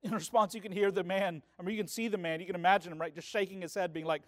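A man's voice: sits high, fairly even intonation, very fast, hardly any pauses. A man preaching a sermon as pastor, in a conversational way that keeps checking in with the congregation. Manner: conversational preaching, often asking "right?".

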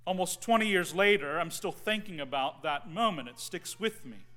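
A man in his forties preaching a conversational sermon, with frequent ums and phrase ends that trail off softly. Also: sits high, expressive, normal speed. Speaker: pastor. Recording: long hall reverb.

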